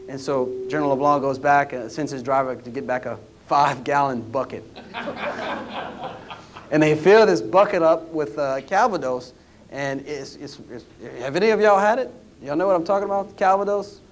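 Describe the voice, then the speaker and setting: A man's voice: a little high, normal speed, slight background noise. A man, a historian telling anecdotes in a lecture, in a folksy way with frequent restarts. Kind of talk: storytelling lecture. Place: lecture room at a history roundtable.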